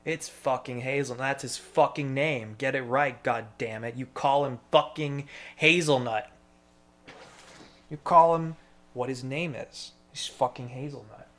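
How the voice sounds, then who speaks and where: A man's voice: mid-range voice, fairly even intonation, measured pace, a bit bright. A man in a rambling solo monologue, swearing freely and talking to himself. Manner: profane, meandering, talks to himself.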